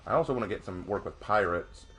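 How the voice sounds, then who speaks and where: Excitable man chatting through a game stream. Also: sits low, quick pace, creaky. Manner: chatty, excitable, laughs often, talks to himself. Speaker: game streamer reading chat. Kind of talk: live gameplay commentary.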